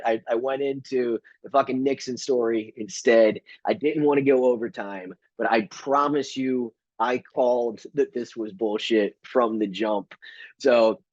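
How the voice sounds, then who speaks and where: A man's voice: mid-range voice, a little mellow, no room sound, lo-fi sound. A man hosting a comedy podcast, telling stories casually with rambling, stammering restarts and swearing.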